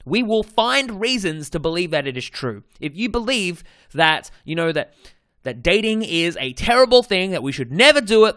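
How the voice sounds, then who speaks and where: A man's voice: high voice, sharp tone, no room sound, studio quality. A man with an Australian accent, a dating coach hosting his podcast in a casual monologue, stressing and repeating his key points with frequent self-corrections.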